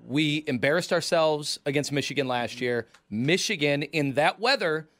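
A man's voice: on the high side, animated, moderate pace, fairly bright tone. A man co-hosting a sports podcast, breaking down a game in casual chat. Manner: chatty, laughs easily, analytical. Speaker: podcast co-host.

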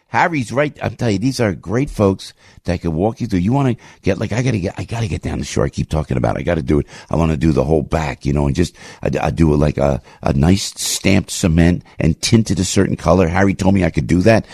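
A man's voice: deep voice, fast talker, creaky, darkish tone, husky, no echo. A man from the New area hosting a radio show, reading ads and chatting in a jokey, rambling way. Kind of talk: casual radio chat and live ad read. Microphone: studio microphone.

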